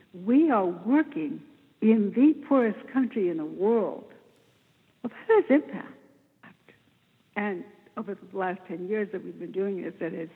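A woman telling the story of her charity work in an interview, in an animated, emphatic way, often clearing her throat. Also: mid-range voice. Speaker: interview guest, charity founder. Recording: tinny phone-like line with long reverb.

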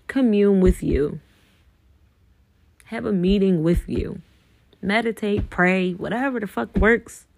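Gravelly earnest woman podcaster. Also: medium pitch, slow pace, pauses often, darkish tone, dry recording. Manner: earnest, profane, addresses listeners as y'all. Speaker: podcast host. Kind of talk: casual spiritual monologue.

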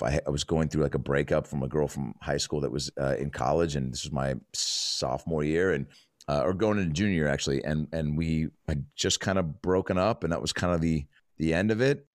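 A man's voice: a bass voice, dry recording, studio quality. A man, a comedian guest, telling rambling, profane stories in casual chat. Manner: rambling, profane, laid-back. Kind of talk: casual storytelling.

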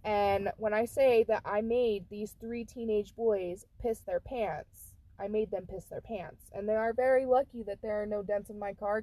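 A woman's voice: medium pitch, no echo. A woman co-hosting a casual podcast, telling a story with lots of swearing and acted-out quotes. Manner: profane, animated storyteller who acts out quotes. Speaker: podcast co-host.

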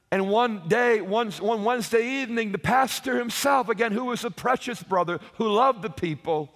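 High-pitched guy preaching, emphatic, gets shouty on the big points, long hall reverb. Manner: repeats words and asks the audience "Hello?". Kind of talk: sermon.

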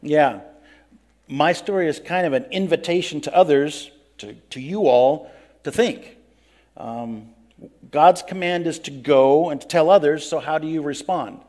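A man's voice: a little high, a little slow, a little mellow, natural voice. An actor playing a grumpy biblical prophet who complains a lot, telling his own story in first person in an interview, plain-spoken and earnest. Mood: reflective. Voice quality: earnest, plain-spoken, breaks into pleading outbursts. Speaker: interviewee in character.

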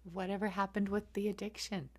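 A woman's voice: medium pitch, level tone, a little fast, a little mellow. A woman interviewing a guest, asking attentive, sympathetic questions.

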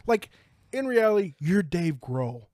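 A man's voice: high-pitched, big pitch swings, a little slow, darkish tone, no room sound. Male podcast host, casual and rambling, curses freely, dry close mic. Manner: rambling storyteller, swears freely. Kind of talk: casual chat.

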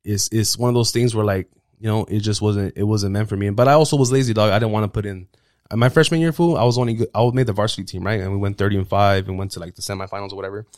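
A man's voice: lowish voice, steady tone, rapid-fire, darkish tone, no room sound, clean studio sound. A young man as a podcast guest, brash and swaggering, talking in profane street slang. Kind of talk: casual podcast interview.

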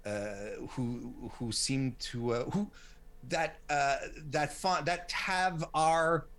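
This man in his late forties, who runs a women's wrestling site, is an interview guest answering questions casually. His voice sits a little high and a bit bright, and he speaks slowly, rambling with plenty of restarts and fillers.

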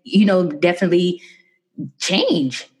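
Brief: woman, podcast host, lowish voice, bubbly and chatty. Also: animated, a little slow, darkish tone, slightly rough. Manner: bubbly, chatty, laughs often. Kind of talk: casual podcast chat.

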